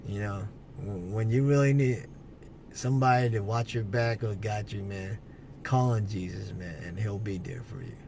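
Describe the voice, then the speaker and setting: Earnest halting man telling a story. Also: lowish voice, steady tone, vocal fry, darkish tone, a little hiss or hum. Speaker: vlogger sharing a personal testimony. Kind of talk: emotional personal storytelling.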